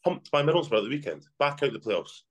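Guy ranting fast about football on a podcast, talks a mile a minute. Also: medium pitch. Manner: fast, ranting, animated storytelling. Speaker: podcast co-host. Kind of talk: casual football chat.

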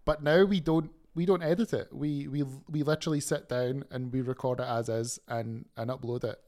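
A man's voice: mid-range voice, steady tone, normal speed, darkish tone. A man co-hosting a podcast, rambling casually with lots of fillers. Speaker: podcast co-host. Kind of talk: casual chat.

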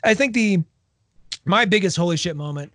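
A man co-hosting a casual chat, retelling scenes with lively acted-out quotes. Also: sits high, moderate pace, no echo, clean studio sound. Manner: animated storyteller, acts out quoted lines. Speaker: podcast co-host. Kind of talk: casual chat about a book series.

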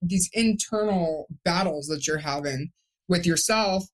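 A woman's voice: lowish voice, measured pace. A young woman speaking candidly and emotionally as a guest on a podcast, rambling with restarts. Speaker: guest, stroke survivor. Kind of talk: podcast interview.

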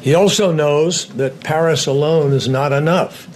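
A man's voice: fairly high pitch, darkish tone, a little hiss or hum. A man speaking as a politician at a press briefing, formal and oratorical. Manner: formal, grand, slow oratorical delivery.

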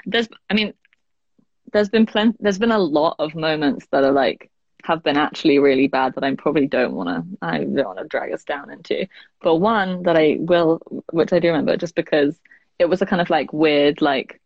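A woman's voice: low-pitched, expressive, normal speed, dry recording. Young woman, chatty, dry lo-fi audio. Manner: chatty, heavy use of "like", laughs often. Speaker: guest. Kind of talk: casual interview chat.

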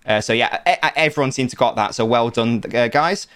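A man's voice: mid-range voice, brisk, a bit bright. A young man hosting a podcast quiz segment in a casual, playful, teasing way, often laughing. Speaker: podcast host running a quiz.

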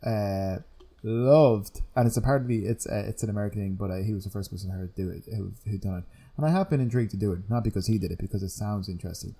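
A man's voice: lowish voice, fast, mellow, slightly rough. A man, co-hosting a casual podcast chat and rambling as he loses his thread. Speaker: podcast co-host.

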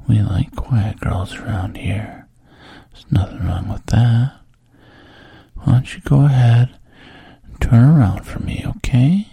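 A whispered role-play in which a man plays a pushy young fraternity guy with a gravelly, breathy low voice. He coaxes slowly and lingers on pet names. The sound is close and dry. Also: dark tone, no echo, exaggerated voice. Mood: coaxing. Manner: coaxing, calls the listener baby and sweetheart. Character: smooth-talking young male fraternity guy, coaxing and pushy.

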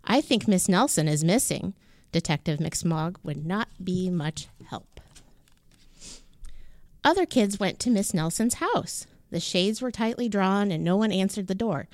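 A woman's voice: medium pitch, unhurried, dry recording. Woman reading a children's story aloud. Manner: clear, expressive storytelling. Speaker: children's story reader, co-host.

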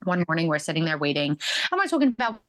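A woman guest on a podcast, telling stories in a chatty, animated way, full of "like" and "um". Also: sits low, fast, no echo. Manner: chatty, animated, many fillers like "like" and "um". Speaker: podcast guest, reality show contestant. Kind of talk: casual storytelling interview.

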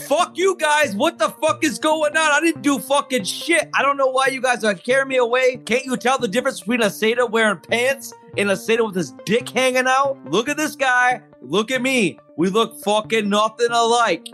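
A shrieking, furious satyr. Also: male voice, very high-pitched, moderate pace, hardly any pauses, soft background music. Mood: indignant. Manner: shouting indignant protests. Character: angry foul-mouthed male satyr.

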